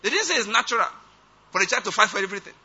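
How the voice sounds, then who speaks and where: A man's voice: sits high, animated, very fast, bright, forceful tone, breathy edge. A man preaching a sermon, emphatic and often checking that his listeners follow. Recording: dull lo-fi recording.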